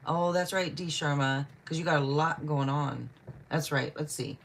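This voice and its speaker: Low-voiced woman hosting a tarot livestream. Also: fairly even intonation, normal speed, creaky, a little hiss or hum. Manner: chatty, apologetic, greets viewers by name. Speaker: tarot reader and livestream host. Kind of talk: casual livestream chat reading viewer questions.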